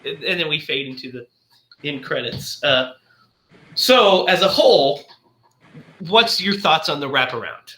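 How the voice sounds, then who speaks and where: A man hosts a casual movie podcast, recapping scenes in a rambling way and jumping into the characters' lines. His voice is bright and sharp, with a lively, bouncing pitch. The room around him sounds roomy and echoey. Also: unhurried, long pauses. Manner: rambling recap, acting out quotes and laughing. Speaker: podcast host. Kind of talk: casual film discussion.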